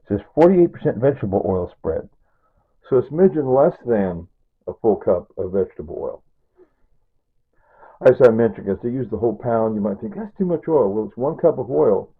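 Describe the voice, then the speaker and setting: Rambling older man with a husky voice. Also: fairly low pitch, expressive, normal speed. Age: 60s. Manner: rambling and chatty, with asides and chuckles. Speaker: home cooking vlogger. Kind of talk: casual cooking demonstration. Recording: tinny, phone-like sound.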